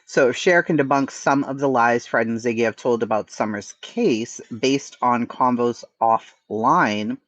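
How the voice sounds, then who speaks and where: A man's voice: medium pitch, measured pace, few pauses, a bit bright, no room sound. A man with a Boston accent hosting a casual livestream chat, blunt and profane, answering his chat. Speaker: livestream host.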